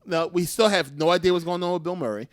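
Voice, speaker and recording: A man co-hosting a casual group podcast, talking in quick animated bursts and laughing often. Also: sits high, dry recording, studio quality. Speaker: podcast co-host.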